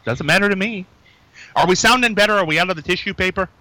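This local radio host's voice is high-pitched, bright and forceful, captured on a dry, low-quality recording. Broadcasting casually from a small studio, he banters and jokes loosely with his co-host and callers, reading phone numbers slowly.

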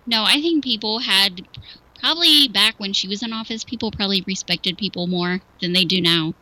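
Bright-voiced, hedging female radio co-host. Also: mid-range voice, brisk, no room sound, low-quality recording. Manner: hesitant, hedging, many "I mean"s. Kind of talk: local talk radio banter. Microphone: studio microphone.

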